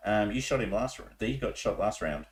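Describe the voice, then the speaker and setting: A man running a tabletop war game as game master, explaining rules in a relaxed way with many ums. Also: lowish voice, normal speed, roomy sound, rough recording.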